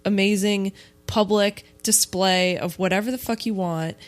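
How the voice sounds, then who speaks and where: A woman's voice: medium pitch, steady tone, a little slow, faint music behind. A woman co-hosting a podcast in casual chat, reflecting thoughtfully and swearing now and then. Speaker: podcast co-host.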